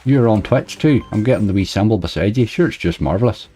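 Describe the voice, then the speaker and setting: A man's voice: fairly low pitch, animated, quick pace, dark tone. A man hosting a casual livestream, chatting loosely and reading out viewers' messages into a desk microphone. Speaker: slots livestreamer. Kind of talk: casual live-stream chat.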